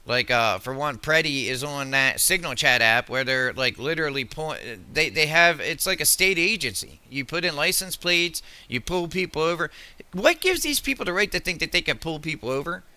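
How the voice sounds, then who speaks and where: A man's voice: a little high, bright, forceful tone, smooth, no echo. A man delivering an angry, heated commentary rant, swearing often and stumbling over restarts. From United States. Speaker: political commentary vlogger.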